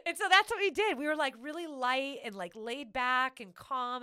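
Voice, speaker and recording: A woman's voice: sits high, normal speed, few pauses, smooth, no echo, clean studio sound. A woman telling a travel story in casual chat, giggling and acting out quotes. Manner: animated, giggly, acts out quotes.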